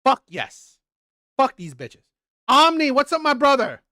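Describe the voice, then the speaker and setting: A man's voice: very high-pitched, sing-song, a little slow, bright, forceful tone, no echo. Man, reaction host, heated profane rant, repetitive, live chat commentary, dry close sound.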